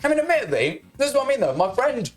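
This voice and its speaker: A young man chatting casually as a podcast co-host, telling stories animatedly and getting loud. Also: very high-pitched, very animated, very fast, soft background music. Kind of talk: casual storytelling chat. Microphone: streaming microphone.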